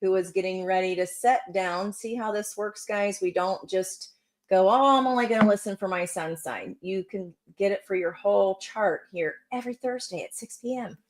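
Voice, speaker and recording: A woman's voice: mid-range voice, moderate pace, poor audio. A woman giving a casual tarot reading, chatty and encouraging, talking straight to her viewers. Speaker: tarot reader.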